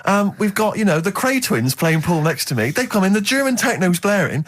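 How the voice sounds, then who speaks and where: A man in his thirties, a radio co-host telling an animated story in casual chat. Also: high-pitched, brisk. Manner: animated anecdote-telling with acted-out quotes.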